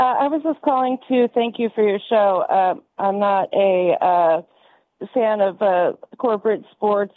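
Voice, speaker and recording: A woman in her late thirties calling into a radio show, speaking hesitantly with many pauses and fillers. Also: medium pitch. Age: 30s. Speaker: caller. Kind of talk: phone-in call. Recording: tinny phone line.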